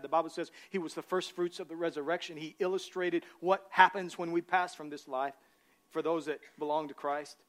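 A high-voiced male pastor preaches a sermon. He mixes humorous stories with energetic calls to the congregation and builds to shouted emphasis.

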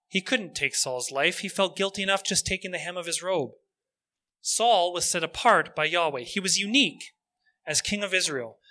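An earnest male preacher retelling a story for his sermon. His voice is high and very bright, and he slows down on key phrases.

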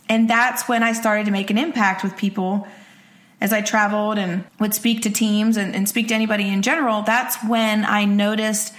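A woman in her forties hosting a podcast, giving an energetic, candid motivational talk and repeating phrases for emphasis. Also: medium pitch, normal speed. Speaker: podcast host.

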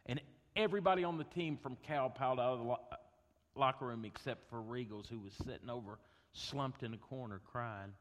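A man preaching a sermon, an animated storyteller who swings between loud bursts and hushed tones. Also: mid-range voice, brisk. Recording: long hall reverb.

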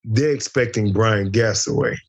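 With a lowish voice and a slightly slow delivery, a middle-aged American former fighter tells a wild story as an interview guest, loud and profane, acting out the dialogue. The sound is lo-fi.

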